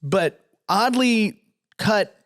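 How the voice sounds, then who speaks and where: A man's voice: high-pitched, expressive, drawn-out words, a bit bright. A man hosting a casual podcast, telling a story with energy and acting out the voices of the people in it. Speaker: podcast host.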